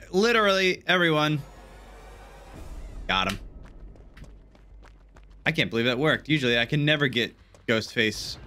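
A young man giving casual, jokey gameplay commentary, excitable and swearing often. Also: fairly high pitch. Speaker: gaming YouTuber.

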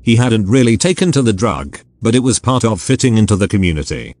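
A man's text-to-speech voice narrating a story with flat synthetic delivery. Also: fairly low pitch, fairly quick, no room sound.

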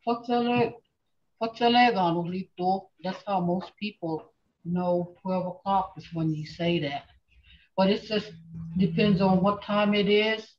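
A woman teaching a language class online, speaking slowly and patiently and repeating phrases for her students. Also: mid-range voice. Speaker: language instructor. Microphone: video call. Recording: dull lo-fi video call audio.

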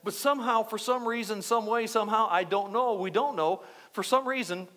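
High-pitched man preaching. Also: fairly quick. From United States. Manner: animated, repetitive preaching with asides to the congregation. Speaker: pastor. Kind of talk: sermon. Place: church.

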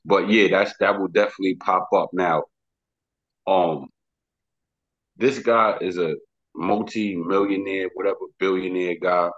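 Husky low-voiced New York rapper. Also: male voice, steady tone, a little slow, pauses often, fairly bright tone, lo-fi sound. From the Bronx, New York. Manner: slangy, rambling, emphatic. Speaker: rapper guest. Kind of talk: casual interview talk.

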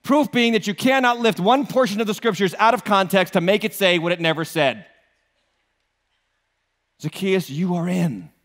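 A man preaches with animation to a congregation in a church auditorium, tossing out rhetorical questions and jokes in a New England accent. He talks at a moderate pace with a high-pitched voice, and the hall reverb is long.

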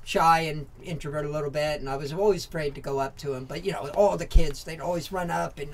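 An American man in his forties from Southern California, once a motorcycle racer, tells stories as a guest on a podcast interview. His voice is fairly high and fairly even, and he talks quickly with hardly any pauses, candid and rambling, full of fillers, restarts and casual swearing. A faint hiss or hum sits under the recording.

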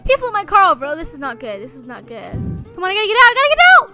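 A woman gamer narrates her own roleplay in a high, bright voice that leaps up and down. She talks in panicky bursts and repeats her exclamations. It is casual gameplay commentary. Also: sing-song, fast talker, faint music behind. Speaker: gamer and channel host.

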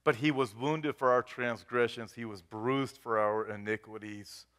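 A man preaches a sermon in a mid-pitched voice, speaking as a pastor to his congregation. He talks earnestly, building to loud, rising appeals and then sinking to soft, hushed lines. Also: steady tone, a little slow, smooth. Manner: earnest preaching that swells loud and drops to a hush.

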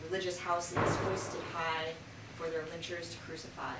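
A woman poet giving an expressive poetry reading in a bookshop, her loudness swinging dramatically between lines. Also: lowish voice, moderate pace. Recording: roomy and distant with background noise.

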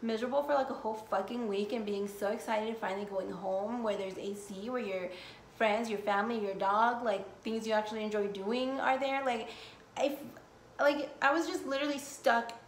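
A woman's voice: a little high, vocal fry. Young woman telling a storytime in a roomy space. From United States. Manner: casual, swears often, heavy use of "like". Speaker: vlogger. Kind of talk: storytime vlog. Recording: echoey room, faint noise.

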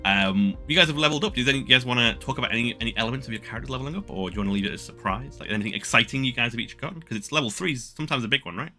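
A man's voice: mid-range voice, rapid-fire, hardly any pauses, bright, forceful tone, soft background music. A man running a tabletop game as game master, rambling with stammering restarts.

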